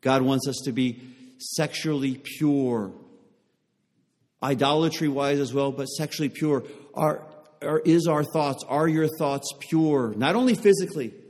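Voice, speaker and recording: A man's voice: a little high, measured pace, a little mellow, long reverb tail. A man preaching a sermon to a congregation, pressing them with repeated rhetorical questions. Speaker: pastor.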